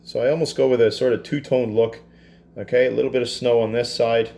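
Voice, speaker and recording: A man teaching a cooking class, talking through a dessert step by step in a relaxed, chatty way with self-deprecating asides. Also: medium pitch, a little fast, gravelly. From Canada. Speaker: culinary teacher. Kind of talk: cooking demonstration. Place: school kitchen.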